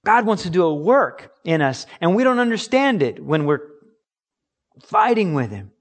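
A man's voice: high-pitched, very animated, moderate pace. A man preaching a sermon as pastor, earnest and emphatic, acting out little examples.

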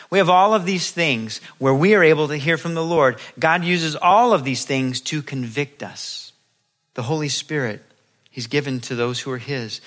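A man preaches with a voice a little above the usual male pitch. He acts out the voices in his examples, rising into loud exclamations and then dropping to near whispers. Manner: acts out quoted voices, swinging between loud and hushed. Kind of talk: sermon.

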